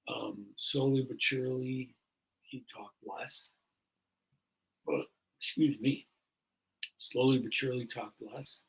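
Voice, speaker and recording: Gravelly, husky fire chief in his sixties. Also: medium pitch, fairly even intonation, slow pace, long pauses, low-quality recording. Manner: earnest, rambling with many fillers. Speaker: fire chief, podcast guest. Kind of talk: casual storytelling in a podcast interview.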